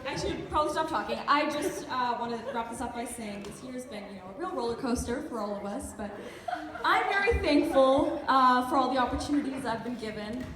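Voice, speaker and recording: High-voiced young woman doing stand-up. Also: animated, brisk, crowd noise. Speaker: stand-up comedian. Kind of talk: stand-up routine. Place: theatre stage at a party. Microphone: camera in the audience. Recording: echoey theatre, loud audience laughter.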